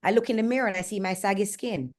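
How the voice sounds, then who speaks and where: A woman's voice: medium pitch, fast talker. A Jamaican woman in her forties hosting a candid motivational talk, frank and earnest and speaking bluntly. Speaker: host and fitness coach.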